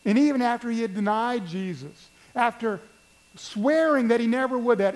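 A man's voice: very high voice, animated, normal speed, rough recording. A man preaching a sermon, telling a story in a conversational way and asking the congregation questions. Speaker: pastor.

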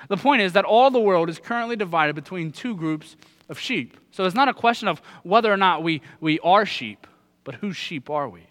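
High, bright-voiced man preaching. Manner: earnest, asks the listeners direct questions. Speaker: pastor. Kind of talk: sermon.

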